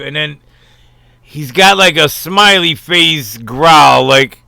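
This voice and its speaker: A man's voice: on the high side, takes it slowly, creaky, pauses often, pushed and bright, dry recording, studio quality. A man giving rambling, casual reaction commentary on a video, full of fillers and the odd swear.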